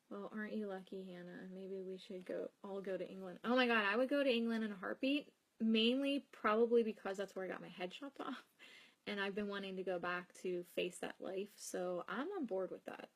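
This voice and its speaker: A woman's voice: medium pitch, steady tone, moderate pace. A young woman hosting a casual live stream from home, reading viewer comments aloud and chatting in a rambling, easygoing way with frequent laughs. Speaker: psychic host answering live comments. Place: home, with cats nearby.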